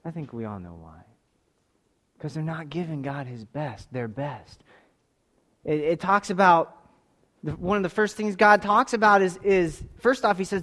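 High-voiced man preaching emphatically. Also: a little slow. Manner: emphatic, swinging between loud exhortation and quiet asides; questions the congregation directly. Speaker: pastor. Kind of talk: sermon.

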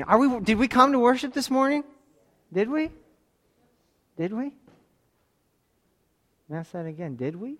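A man with a high-pitched voice preaching a sermon. He speaks emphatically, pressing his listeners with direct questions. He swings from loud, urgent exhortation to soft, close asides. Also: animated, moderate pace, pauses often. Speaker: pastor.

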